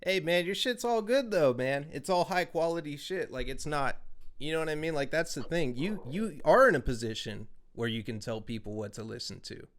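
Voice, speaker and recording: A man hosting a podcast, telling stories in a loose, profane, animated way. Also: mid-range voice, normal speed. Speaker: podcast host. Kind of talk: casual chat, storytelling.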